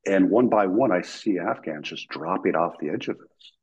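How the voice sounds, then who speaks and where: A man with a deep, husky voice tells a story with lively energy, acting out the people in it. He is a guest talking casually about his time in the military, and the sound is slightly dull. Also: normal speed. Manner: animated, acts out quoted voices, laughs while telling.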